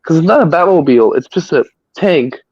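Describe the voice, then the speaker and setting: A man's voice: fairly high pitch, lively intonation, fairly quick, darkish tone, slightly rough, dull audio. A man hosting a live stream, chatting casually about movies in a rambling way, often stammering and restarting.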